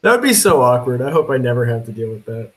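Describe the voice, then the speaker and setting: An American man co-hosting a casual live stream, telling self-mocking stories with an easy delivery. His voice sits at an ordinary middle pitch for a man. The tone stays loose and conversational. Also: big pitch swings, fast talker, a bit bright. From United States. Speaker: podcast co-host.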